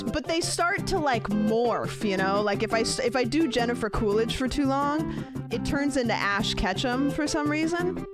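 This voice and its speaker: A woman's voice: on the high side, lively intonation, moderate pace, over loud music. A young woman chatting casually on a live stream, giggling often and reacting aloud to clips.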